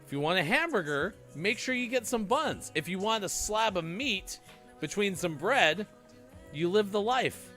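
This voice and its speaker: A man's voice: high voice, expressive, normal speed, bright, forceful tone, faint music behind. A man hosting a morning show who reads the segments playfully and jokes with his co-hosts. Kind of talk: casual morning show banter.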